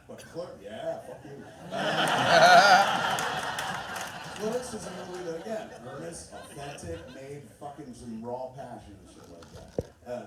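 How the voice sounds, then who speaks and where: Profane rambling man in an echoey hall. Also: medium pitch. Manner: loose, rambling, swears constantly, laughs often. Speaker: filmmaker speaking on stage. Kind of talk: profane live storytelling to an audience. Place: large theater. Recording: echoey hall from far off with noise.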